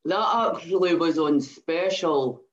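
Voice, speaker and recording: Scottish woman as co-taster, measured and hesitant, mid-pitched voice, muffled recording. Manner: measured and hesitant, with many restarts. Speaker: co-host and taster. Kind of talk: casual tasting chat.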